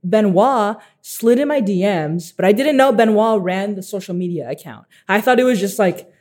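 Animated teenage guy with a mellow voice. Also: high-pitched, moderate pace. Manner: animated, laughs often, acts out quotes. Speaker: guest artist. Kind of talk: casual storytelling.

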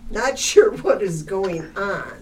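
A woman's voice: mid-range voice, expressive, slow, recorded from a distance, slight background noise. A woman co-hosting a casual film podcast, blunt and profane, answering in short bursts. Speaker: podcast co-host.

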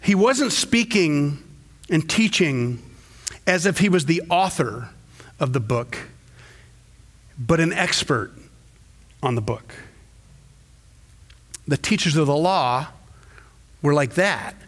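A middle-aged man, the pastor, preaching a sermon in a church, telling stories and acting out quotes with sudden jumps in pitch. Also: lively intonation, slow, long pauses, a bit bright.

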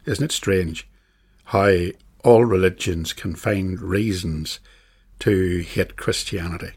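A man teaching a catechism class on a bible passage, speaking in a measured, emphatic way and repeating phrases for stress. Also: low voice, a little mellow, slightly rough.

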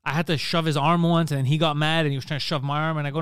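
A man's voice: on the high side, quick pace, hardly any pauses, clear, resonant tone, dry recording, studio quality. A man co-hosting a podcast in casual chat, telling stories animatedly and swearing often. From Greek family. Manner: animated storytelling, swears a lot. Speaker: podcast co-host.

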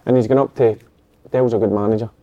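A man's voice: fairly low pitch, steady tone, fast talker, highs cut off. A Scottish man giving blunt football opinions in a casual chat. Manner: plain-spoken, blunt opinions. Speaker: football pundit.

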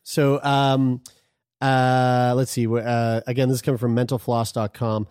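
A man's voice: medium pitch, unhurried, clean tone, dry recording, studio quality. A man co-hosting a casual podcast, reading items aloud in a crude, joking manner. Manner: animated, crude, laughs while reading. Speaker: podcast co-host.

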